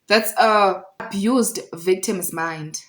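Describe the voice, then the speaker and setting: A woman's voice: mid-range voice, takes it slowly, a little hiss or hum. A woman with a South African accent telling a storytime vlog, animatedly acting out the voices of people she quotes. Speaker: vlogger. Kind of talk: storytime monologue.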